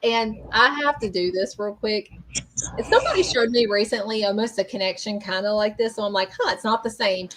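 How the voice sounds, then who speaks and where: A woman's voice: mid-range voice, fairly quick, noisy background. A woman hosting a live-streamed psychic reading, rambling and hesitant with many fillers. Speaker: psychic medium host. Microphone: streaming mic.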